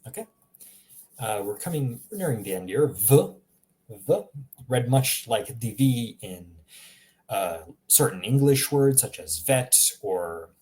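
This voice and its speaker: A man's voice: mid-range voice, animated, takes it slowly, mellow. A man teaching pronunciation in a live online lesson, patiently repeating each word and answering viewers. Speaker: language teacher.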